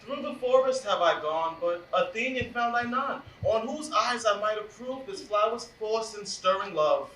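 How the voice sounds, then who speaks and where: A man's voice: expressive, moderate pace, few pauses, pushed and bright, slight background noise. An actor playing a mischievous male fairy sprite, delivering verse theatrically on a live stage. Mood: impish. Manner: theatrical stage delivery with big swings of pitch. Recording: echoey stage, recorded from far off.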